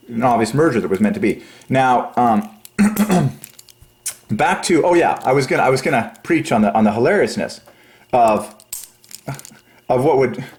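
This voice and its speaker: A man hosting a religious channel, rambling through a numerology monologue, excitable and giggly, then dropping to low quiet mumbling while he counts. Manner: giggly, excitable, breaks into high laughs. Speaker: religious YouTube channel host.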